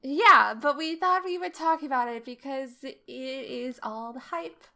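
A young woman co-hosting a casual podcast, bubbly and quick to tease her friend. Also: high voice, vocal fry, bright, forceful tone. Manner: bubbly, teasing. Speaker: podcast co-host. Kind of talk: casual chat.

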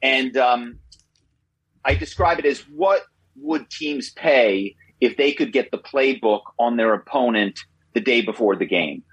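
A man in his fifties, a guest in an interview, telling stories in an animated way, often repeating himself and adding tag questions. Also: medium pitch, husky, no room sound, poor audio. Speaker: guest, former corporate spy. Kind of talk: interview storytelling.

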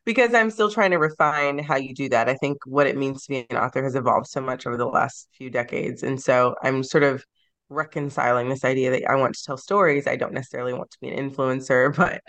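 A woman's voice: a bass voice, fairly even intonation, a little fast, a bit bright. A woman author being interviewed on a podcast, speaking in a reflective, sentimental way and laughing easily. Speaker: guest author.

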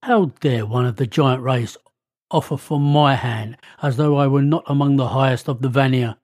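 A man's voice: medium pitch, moderate pace, a little mellow, dry recording, clean studio sound, natural voice. A man voicing a proud, indignant goddess in a read-aloud myth.

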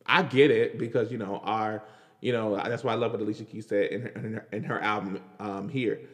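A man hosting a podcast, talking in casual, animated commentary, laughing and repeating himself as he reacts. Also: on the low side, a little fast, big-room sound. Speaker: podcast host.

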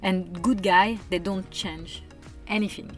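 A woman's voice: medium pitch, fairly even intonation, slow, soft background music. A woman, earnestly making her case in a casual conversation. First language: French. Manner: earnest, emphatic, persuasive.

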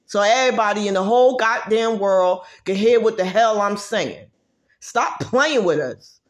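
A woman rants straight to her audience, profane and emphatic, hammering each point with repetition. Her voice sits at an ordinary middle pitch and jumps from loud, pushed outbursts down to low, muttered asides. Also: animated, normal speed. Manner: profane, emphatic, repeats phrases for force. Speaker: vlogger. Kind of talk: heated ranting monologue.

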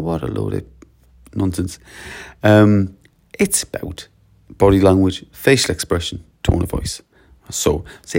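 A man's voice: low-pitched, expressive, a little slow, vocal fry, long pauses, darkish tone. A man, a school leader talking in a casual solo podcast, chatty and anecdotal. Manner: chatty, anecdotal, acts out short exchanges.

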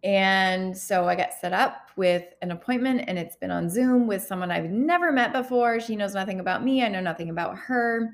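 Gravelly-voiced woman, candid and halting. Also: medium pitch. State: holding back tears. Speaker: healthcare worker vlogger. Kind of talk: personal confessional vlog.

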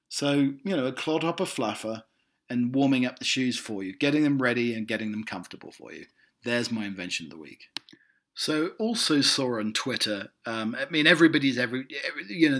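A man's voice: mid-range voice, a bit bright. A British man hosting a comedy podcast, rambling and self-amused, with many fillers and restarts. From Britain. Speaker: podcast host. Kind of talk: rambling comic chat. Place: in the United States.

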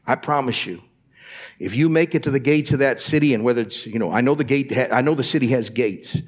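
A man's voice: medium pitch, breathy edge. A man preaching a sermon as pastor in a church, talking straight to the congregation and asking them to answer back. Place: church sanctuary.

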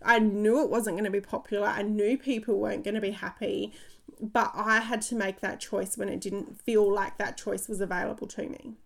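Woman coach, 30s, podcast host, eager and chatty, gravelly fry in a mid-range voice. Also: medium pitch, moderate pace. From Australia. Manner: energetic, chatty storytelling with frequent laughs. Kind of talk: motivational podcast monologue.

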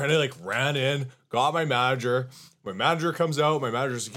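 A man's voice: medium pitch, quick pace. A man co-hosting a casual podcast, telling stories with lots of swearing and mimicked voices. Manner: profane, animated storyteller, mimics people. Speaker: podcast co-host. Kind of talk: casual chat.

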